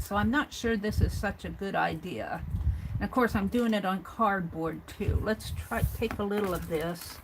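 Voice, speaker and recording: A woman casually demonstrating a mixed-media art experiment, thinking aloud as she works at a craft table. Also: mid-range voice. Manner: thinks aloud while working, chatty and tentative. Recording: audible background noise with clicks.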